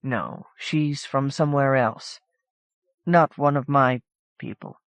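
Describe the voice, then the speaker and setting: A woman voicing a calm, watchful male angel in a storybook reading, speaking low, clipped and steady. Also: slow pace, no echo, heavily acted.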